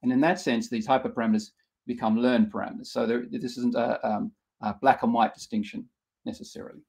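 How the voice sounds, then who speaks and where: A man's voice: mid-range voice, fairly even intonation, brisk, creaky, a little mellow. A man running an online workshop, explaining concepts step by step with frequent restarts and fillers. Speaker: workshop instructor. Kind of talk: live online lecture.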